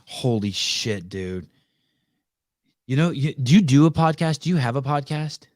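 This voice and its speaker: A man hosting a podcast in casual chat, excitable and swearing freely, often trailing off into fillers. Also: a little high, moderate pace, no echo, studio quality. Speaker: podcast host.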